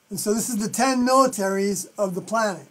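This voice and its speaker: A live stream host with a New York accent, thinking aloud through scripture commentary and often trailing off softly. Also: medium pitch.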